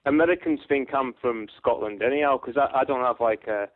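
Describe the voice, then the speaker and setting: A man's voice: medium pitch, brisk, narrow, tinny audio. A man from northwest England with a northern English accent, calling in to a radio show and joking in casual chat. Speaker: caller.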